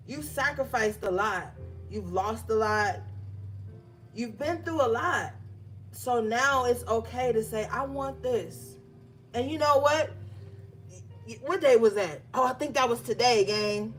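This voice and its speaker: Chatty high-voiced woman reading tarot. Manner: chatty, emphatic, talks straight to viewers. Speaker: tarot reader. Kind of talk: casual tarot reading to viewers.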